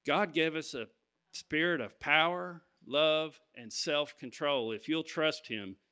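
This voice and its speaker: A man's voice: on the high side, slow, bright, forceful tone, clear, resonant tone. A man preaching, telling a personal story to his congregation and stopping to ask "Amen?". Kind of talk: sermon testimony.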